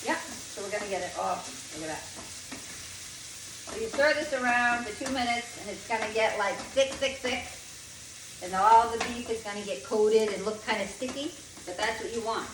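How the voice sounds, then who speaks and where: A woman's voice: a little high, moderate pace. A middle-aged woman chatting enthusiastically as she cooks dinner at home, repeating words for emphasis. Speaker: home cook vlogger. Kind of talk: casual cooking vlog. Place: home kitchen. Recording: echoey kitchen, distant mic, noisy. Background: frying and sizzling.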